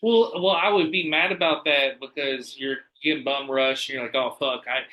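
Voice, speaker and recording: A man telling lively stories in casual podcast chat, swearing freely and acting out the people he quotes. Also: medium pitch, moderate pace, poor audio. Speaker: podcast guest.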